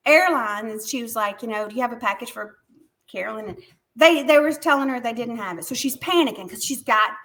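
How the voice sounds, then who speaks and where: Animated Southern woman author, bright voice. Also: a little high. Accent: Southern American. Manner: animated storyteller, chatty with restarts. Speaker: author being interviewed. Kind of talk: casual interview chat. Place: her converted barn home.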